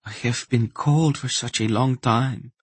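A man's voice: medium pitch, lively intonation, measured pace, breathy edge, no echo, pitched above the performer's own voice. A man voicing a weary, bitter enslaved woman. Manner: tired, raised voice, soft. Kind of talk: audiobook character voice.

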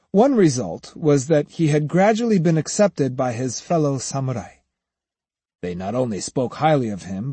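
Lively, husky male storyteller. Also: mid-range voice, no room sound. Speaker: audiobook narrator. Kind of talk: scripted narration.

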